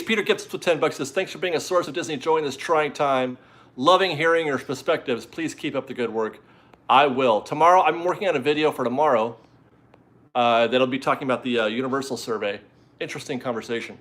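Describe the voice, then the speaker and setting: A man's voice: mid-range voice, fairly quick, fairly bright tone. This is a chatty, rambling man hosting a casual live stream from home. He reads out viewer messages and is easily amused.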